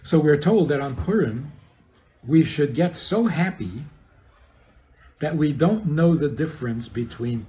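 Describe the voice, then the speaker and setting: A man's voice: fairly high pitch, expressive, unhurried, mellow. An older man, a rabbi, giving an informal talk to an audience, often asking questions and chuckling at his own points. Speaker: rabbi teaching.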